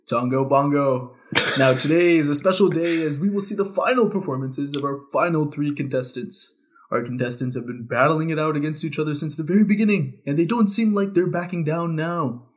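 A man's voice: on the high side, voice pushed down, close to an everyday voice. A man voicing a cheesy male talent show host, reading a scripted introduction in an announcer-like way.

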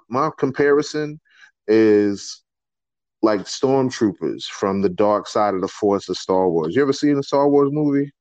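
A man with a very deep voice talks on a podcast, animated and storytelling, his pitch jumping up when he gets excited. The recording is dull and lo-fi. It sounds dry and close. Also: no room sound. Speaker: podcast co-host. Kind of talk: casual discussion.

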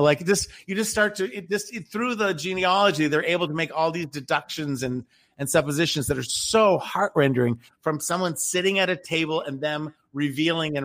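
A man's voice: on the high side, fairly bright tone. A man in casual chat, telling a story in a rambling way with many restarts and fillers.

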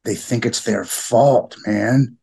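Gravelly, husky middle-aged man. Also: medium pitch, darkish tone. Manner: halting, repeats words, earnest. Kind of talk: emotional podcast conversation.

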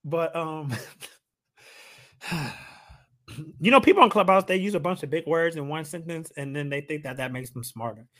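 Animated laughing podcast co-host man. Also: a little high, moderate pace, pauses often. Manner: animated, laughing while retelling. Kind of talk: casual chat.

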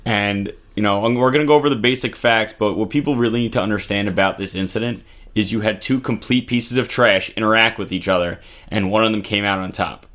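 A man's voice: fairly low pitch, brisk, a bit bright. Blunt, profane man commentator. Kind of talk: casual political commentary.

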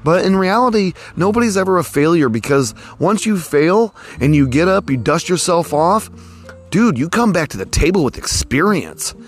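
A man in his forties with a slightly raised pitch, talking through a casual podcast monologue from somewhere outdoors by a road. He rambles in a folksy, loose way and leans on "you know" fillers, with faint music running underneath. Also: expressive, normal speed, slightly rough. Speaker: podcast host.

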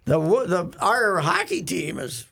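A man's voice: high-pitched, wildly swooping pitch, a little slow, gravelly, a bit bright, slightly rough. A man co-hosting casual sports radio chat, rambling with restarts and frequent laughs.

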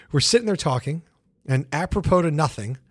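A middle-aged man from the United States, a guest comedian telling stories in a casual interview, animated, with many fillers and restarts. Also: fairly high pitch, measured pace, husky, no room sound, studio quality.

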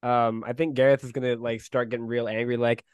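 A man's voice: medium pitch, level tone, fairly quick, clean tone, no echo. A man playing a tabletop role-playing game, casual and exasperated, swearing often. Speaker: player.

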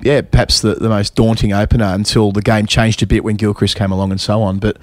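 A man's voice: on the low side, flat delivery, fast talker, no echo. A man co-hosting a casual cricket chat, thinking aloud and trailing off mid-thought. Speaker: podcast co-host.

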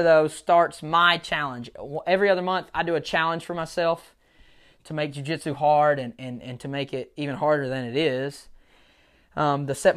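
A man's voice: on the high side, a bit bright, clear, resonant tone. A man hosting a solo podcast, talking in a casual, rambling, self-deprecating way, laughing now and then. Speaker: podcast host; jiu-jitsu coach.

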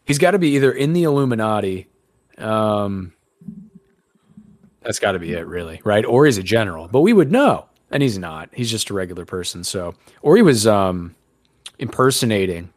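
A man's voice: lowish voice, sing-song, moderate pace, no room sound, clean studio sound. A man hosting a podcast in casual chat, rambling and sarcastic, swearing casually. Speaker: podcast host.

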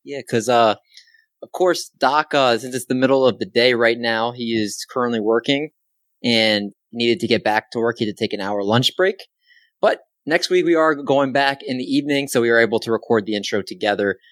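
A man's voice: medium pitch, a bit bright, no echo. An upbeat man hosts a sports podcast solo, chatting casually and poking fun at himself. His voice sits in a middle range, and the recording is dry and close with no room sound. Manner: upbeat, self-deprecating, quick asides. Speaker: podcast host.

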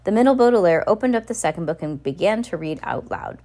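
A woman's voice: fairly low pitch, very animated, normal speed, vocal fry, few pauses, a little mellow. A woman casually reading a children's novel aloud, with small slips and restarts. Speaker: reader.

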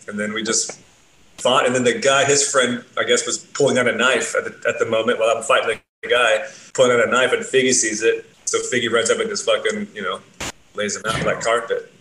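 A man's voice: on the low side, little pitch movement, a little fast, pushed and bright. A man telling rambling road stories in casual chat, with loose, profane phrasing. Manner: laid-back, rambling, profane. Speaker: bassist. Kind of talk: casual storytelling, heavy swearing. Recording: roomy echo, faint noise.

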